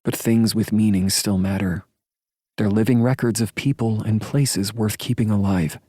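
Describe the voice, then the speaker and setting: A man voicing a warm, teasing young woman who speaks in a playful, insistent way in an audiobook. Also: on the low side, steady tone, moderate pace, slightly rough, dry recording, clean studio sound, pitched above the performer's own voice.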